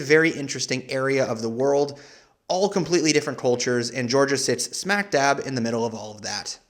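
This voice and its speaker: Young guy doing a travel vlog, hyped, chatty, mid-pitched voice. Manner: energetic, casual, chatty with fillers. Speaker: travel vlogger. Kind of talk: enthusiastic travel guide talk.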